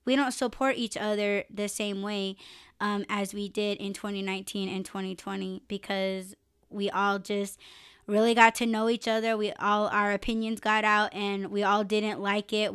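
A woman's voice: medium pitch, fairly bright tone, clean tone, no echo, clean studio sound. A young woman hosting a live podcast, chatting casually, swearing freely and laughing often. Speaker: podcast host. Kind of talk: casual live-stream chat.

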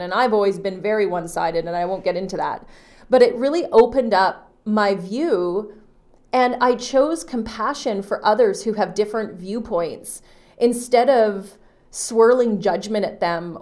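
A woman's voice: mid-range voice, darkish tone. Earnest woman sharing a personal story. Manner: earnest and heartfelt, with frequent "you know" and restarts. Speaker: podcast host. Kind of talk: personal reflective monologue.

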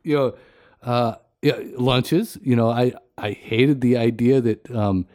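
A man co-hosting a casual podcast, rambling through his points with many "you know"s and quick laughs. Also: medium pitch, a little mellow, no echo, clean studio sound. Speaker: podcast co-host.

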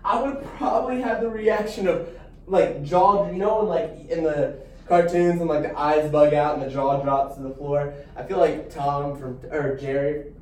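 A young man teaches a Bible class, telling the story with animated asides and little restarts. His voice sits high but mellow in tone. He sounds distant from the mic in a very echoey room. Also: normal speed.

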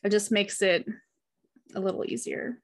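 Earnest woman leading a relaxed group Bible study, chatty and heartfelt. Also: mid-range voice, normal speed. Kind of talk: casual Bible study discussion, reading passages aloud.

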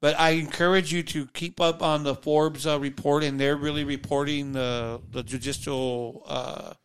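A man with a somewhat high, smooth, clear voice, co-hosting a podcast. He talks in a loose, chatty way and jokes with the others. It is a casual political conversation. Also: flat delivery, moderate pace, a bit bright. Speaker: podcast co-host.

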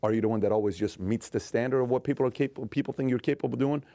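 A middle-aged man giving an earnest motivational talk, telling a family story and often slowing down to a soft, emotional tone. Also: medium pitch, dry recording. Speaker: motivational speaker.

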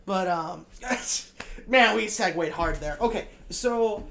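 Man, high girlish-sounding voice, rambling, swears a lot, casual podcast chat. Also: takes it slowly, creaky, noisy background. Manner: rambling, self-deprecating, swears freely. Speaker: podcast co-host.

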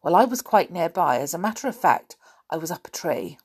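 A woman reading a children's story aloud, voicing an eager schoolboy in a raised, excited, slightly husky voice. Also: lowish voice, fairly quick. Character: eager schoolboy telling his news.

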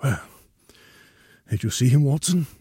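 A man's voice: medium pitch, lively intonation, dark tone, slightly rough, no echo, studio quality, voice pushed up. A man doing a feeble, whispering sick detective. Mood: weak. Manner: weak, halting, often whispered, rising to urgent pleas. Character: gravely ill man detective, feeble, urgent, commanding.

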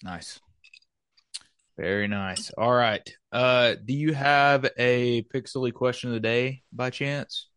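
A man's voice: mid-range voice, takes it slowly, a bit bright, smooth, dry recording, studio quality. Rambling man hosting over a video call. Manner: rambling, hesitant, many fillers. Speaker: host. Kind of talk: casual chat. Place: home.

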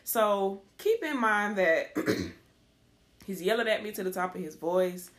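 Animated woman telling a story. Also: medium pitch. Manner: animated, laughs often, acts out quoted dialogue; talks quickly at times, with restarts. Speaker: podcast co-host. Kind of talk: casual storytelling chat.

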